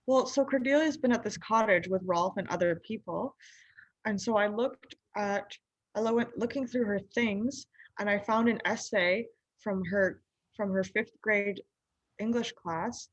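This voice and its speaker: Performer doing a clueless young husband, rambling, improvised comedy bit, husky tone, dull dry lo-fi sound. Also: medium pitch, measured pace, no room sound, close to an everyday voice. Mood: earnest. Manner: rambling, full of "like", mimics others' voices. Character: naive, whiny young husband in denial. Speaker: recurring comedy character.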